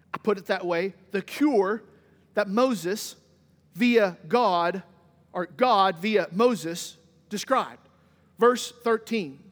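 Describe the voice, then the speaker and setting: High-voiced pastor preaching. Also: male voice. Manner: swings from loud exclamations to quiet asides; folksy, humorous anecdotes. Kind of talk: sermon. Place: church sanctuary. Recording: long church reverb.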